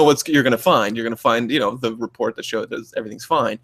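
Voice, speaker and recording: A man co-hosting a casual podcast, talking at a middling pitch. He rambles through plenty of fillers and restarts. When he quotes other people he jumps his voice up to act them out. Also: fast, hardly any pauses, a bit bright. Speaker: podcast co-host; clinician. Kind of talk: casual chat.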